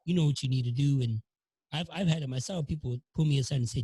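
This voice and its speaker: Male podcast host, gravelly and husky, dark tone, dry close sound, preachy and encouraging. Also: medium pitch, fast talker, no room sound, rough recording. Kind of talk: casual faith talk.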